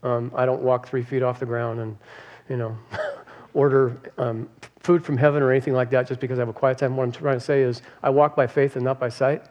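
A man's voice: medium pitch, little pitch movement, a little fast, few pauses, darkish tone, highs cut off. A man, the pastor, speaking in a reflective, preacherly way on a church podcast and asking listeners for agreement. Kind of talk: podcast sermon talk.

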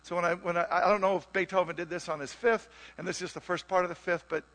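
A man preaching a sermon in a church, animated and conversational, now and then singing musical phrases. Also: high-pitched, quick pace. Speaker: pastor.

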